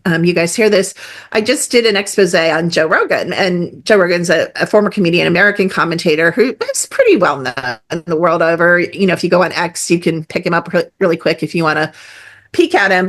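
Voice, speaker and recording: Animated woman, emphatic podcast guest. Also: on the low side. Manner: animated, emphatic, with many fillers and quoted asides. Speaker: guest energy healer. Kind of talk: casual podcast conversation.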